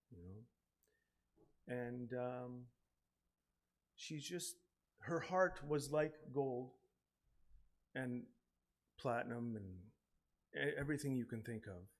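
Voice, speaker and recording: A man in his forties giving a eulogy for his mother, telling a personal story haltingly with many pauses and repeated words, his voice falling quiet at emotional moments. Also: medium pitch. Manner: emotional, voice drops quietly at times.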